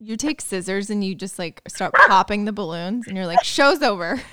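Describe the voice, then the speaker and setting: A woman's voice: mid-range voice, moderate pace, background noise. A woman hosting a podcast, chatting casually with her guest and cracking jokes. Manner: playful, joking reactions. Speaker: podcast host. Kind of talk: casual interview chat.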